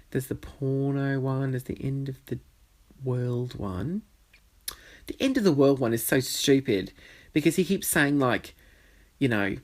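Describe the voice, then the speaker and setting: Man, solo podcast host, chatty and sweary, wanders off on tangents. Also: medium pitch. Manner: rambling, sweary, goes off on tangents. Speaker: podcast host, drag performer. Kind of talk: casual solo podcast chat. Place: bedroom.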